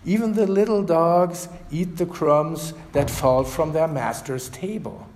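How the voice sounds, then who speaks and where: Man doing a pleading mother, insistent, slow, echoey hall. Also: a little high, darkish tone, slight background noise, close to an everyday voice. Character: desperate foreign mother pleading for her daughter.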